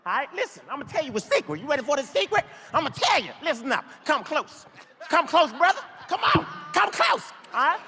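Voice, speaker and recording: A man's voice: very high-pitched, voice pushed up, heavily acted. A comedian acting out a brash, insistent half-naked street man who begs for money. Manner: loud, insistent, repetitive hustling. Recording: echoey theater stage.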